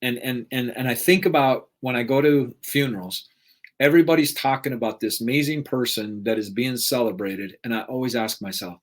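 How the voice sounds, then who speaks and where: A man's voice: mid-range voice, a little fast. A middle-aged man giving an unscripted motivational talk, earnest, repeating questions for emphasis and often asking "right?". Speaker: motivational speaker.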